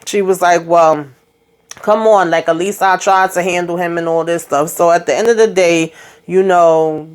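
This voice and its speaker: A woman's voice: lowish voice, clear, resonant tone. A woman hosting her own show, casually recapping a TV episode by retelling the characters' lines, with wry, sarcastic asides. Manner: chatty retelling full of quoted dialogue and asides.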